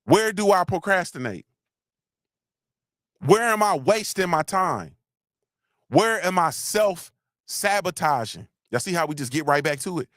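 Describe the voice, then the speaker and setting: A man hosts a motivational livestream, joking and preaching straight to his viewers. His voice sits a bit high. The sound is dry and close, with no room echo. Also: lively intonation, unhurried, long pauses, fairly bright tone. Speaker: livestream host. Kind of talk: casual motivational livestream talk.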